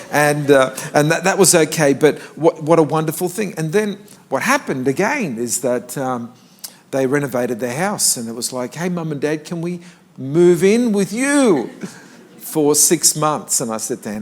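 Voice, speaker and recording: An older man, a pastor, preaching a conversational sermon in church and rising in pitch when he stresses a point.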